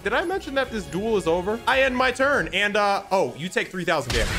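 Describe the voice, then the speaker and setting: A man streaming a game, excitable and trash-talking with loud outbursts. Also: high voice, normal speed. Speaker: gaming streamer. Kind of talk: gameplay commentary. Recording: loud game music behind.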